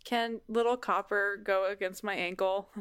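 A woman's voice: mid-range voice, fairly even intonation, a bit bright, smooth. A woman playing a tabletop game, playful and joking. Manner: playful, quick to laugh. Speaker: player.

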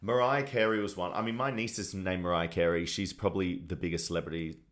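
A middle-aged man from Australia, a TV host and sportscaster, chatting casually as a podcast guest and telling animated, gushing stories. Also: low-pitched, fast. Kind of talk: casual chat.

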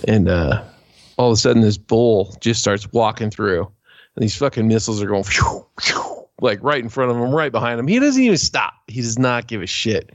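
A man's voice: mid-range voice, lively intonation, normal speed, no echo. Man, podcast co-host, crude joking storyteller, dull lo-fi sound, dry. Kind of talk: casual chat, storytelling.

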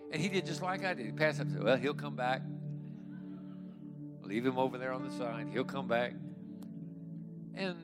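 An older man preaching a sermon as a pastor, swinging from quiet talk to emphatic shouts. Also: on the high side. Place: church. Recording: echoey hall with faint music.

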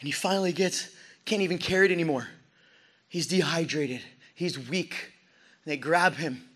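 High, bright-voiced young preacher. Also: male voice, moderate pace. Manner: dramatic storytelling, swinging between hushed and shouted lines; acts out crowd voices in quoted asides. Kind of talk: sermon.

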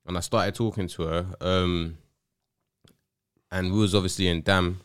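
A young man talks in an easy, slangy way as a podcast host. His voice sits low and comes through clean and smooth. The sound is dry and close, with little room around it. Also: fairly even intonation, a little slow, no room sound. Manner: London slang, laid-back storytelling. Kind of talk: casual chat.

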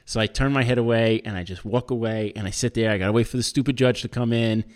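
A man's voice: medium pitch, fairly even intonation, fast talker, hardly any pauses. A man co-hosting a podcast, telling a story in casual chat, acting out other people's lines and swearing for emphasis. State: self-employed, married. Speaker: podcast co-host.

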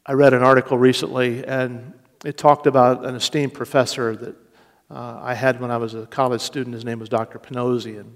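A man preaching a sermon with slow, deliberate delivery and rising emphasis. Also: medium pitch, level tone. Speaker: pastor. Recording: long reverb of a large hall.

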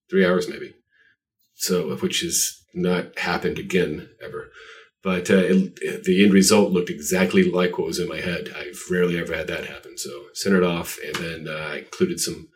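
A man's voice: low-pitched, recorded from a distance. A man being interviewed about his art, telling stories in a rambling, self-deprecating way with lots of fillers. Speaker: artist guest. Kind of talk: casual interview chat.

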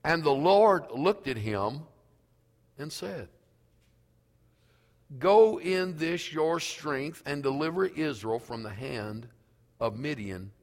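A male pastor preaching a sermon slowly and emphatically, reading scripture aloud in a church. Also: on the high side, expressive, long reverb tail.

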